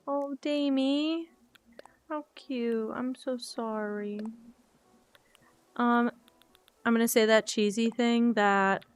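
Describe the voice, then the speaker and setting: A woman's voice: medium pitch, clear, resonant tone, no echo. A woman streaming a game, chatting casually and emotionally with viewers while she plays.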